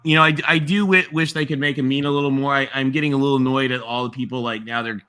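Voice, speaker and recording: A man's voice: medium pitch, fairly even intonation, fast talker, sharp tone, clear, resonant tone. A man hosting a livestream, chatting casually about college football, laughing often and rambling with restarts. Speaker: livestream host. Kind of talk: casual sports chat.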